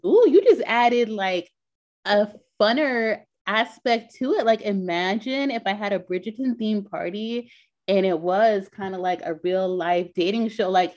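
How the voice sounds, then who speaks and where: A woman co-hosting a podcast in casual chat, talkative and quick to laugh, with lots of filler words. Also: mid-range voice, a little mellow. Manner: chatty, laughs often, many "like" fillers. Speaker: podcast co-host. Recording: dull lo-fi sound.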